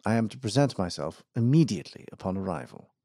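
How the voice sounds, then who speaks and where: A man's voice: on the low side, sing-song, fast, mellow, no echo, clean studio sound. A man doing a formal young engineer. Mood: firm. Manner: formal, courteous and assured. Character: composed young male engineer, polite and stubborn.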